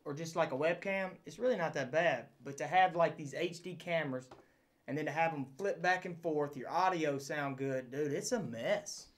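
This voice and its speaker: Easygoing Southern US man, slightly high. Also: moderate pace. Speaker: co-host. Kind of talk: casual livestream chat.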